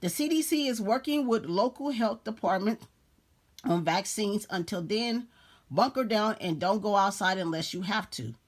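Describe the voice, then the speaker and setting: A woman reads a story aloud at a slow pace and breaks off often to comment on it in a casual preaching way. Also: medium pitch, lively intonation.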